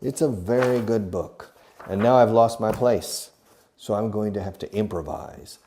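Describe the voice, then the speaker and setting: Man, middle-aged, low mellow voice, playful English teacher, quizzes himself on camera. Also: unhurried, slight background noise. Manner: playful teacher, asks and answers his own questions. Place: classroom filmed for video. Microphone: camera operated by an assistant.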